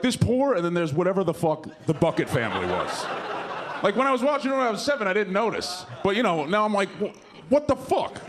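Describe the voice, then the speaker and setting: A young man performing a stand-up comedy set in a comedy club, rambling and profane with lots of fillers and self-mockery. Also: high voice. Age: young adult.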